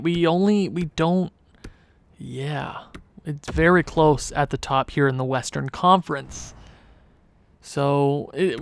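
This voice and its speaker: A man thinking aloud in casual gameplay commentary, rambling and hesitant, often restarting, then breaking into sudden excited outbursts. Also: a little high, vocal fry, no room sound. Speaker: gaming channel host.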